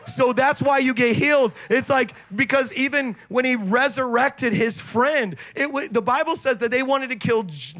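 High-voiced fervent male preacher. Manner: fervent, swings between loud exclamations and quick asides. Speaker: pastor. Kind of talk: sermon.

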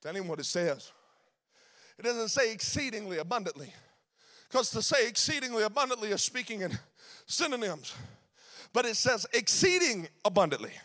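A man preaching a sermon, rising into shouted, sing-song preaching. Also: high voice, animated, moderate pace, long pauses. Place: church sanctuary.

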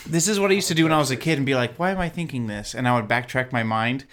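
A man's voice: mid-range voice, very fast, a bit bright. A man from Texas co-hosting a casual podcast chat, telling rambling stories and acting out quotes. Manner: rambling storyteller, acts out quotes. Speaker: podcast co-host.

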